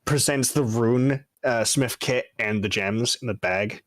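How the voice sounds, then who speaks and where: In clean studio sound with no room echo, a man plays a tabletop game in character, asking questions in a casual, curious way. His voice is mid-range and unhurried.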